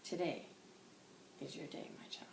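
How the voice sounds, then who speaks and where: A woman voicing a wise old male spirit guide who speaks in formal, old-fashioned phrases, softly and half-whispered. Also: unhurried, roomy sound, natural voice. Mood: solemn.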